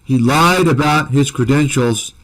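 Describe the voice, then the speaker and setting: A man's voice: mid-range voice, a little slow, fairly bright tone, poor audio. A man hosting a commentary channel, delivering a combative, accusatory rant to his viewers that is full of repeated insults.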